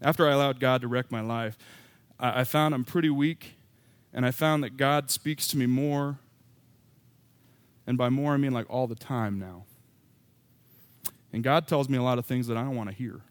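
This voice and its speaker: A man's voice: medium pitch, steady tone, moderate pace, pauses often, no room sound. A man preaching a sermon as pastor, candid and self-deprecating, with emphatic rising bursts.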